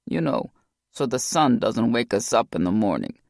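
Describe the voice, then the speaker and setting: A woman voicing an undercover male special-ops hero with Cajun flair, talking in a low, swaggering mobster manner. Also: very animated, normal speed, vocal fry, a little mellow, dry recording, studio quality, exaggerated voice.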